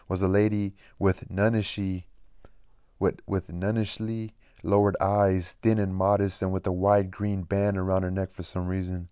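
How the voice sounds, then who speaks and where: Man reading aloud in a smooth low voice. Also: normal speed, no room sound. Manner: plain steady reading with occasional slips and rereads. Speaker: audiobook reader.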